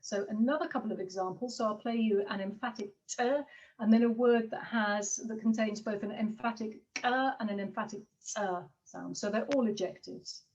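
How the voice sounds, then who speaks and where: A woman's voice: mid-range voice, steady tone, moderate pace, a little mellow. Hesitant woman lecturing over a muffled call. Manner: hesitant, many fillers and apologies. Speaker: linguistics lecturer. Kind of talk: academic seminar talk.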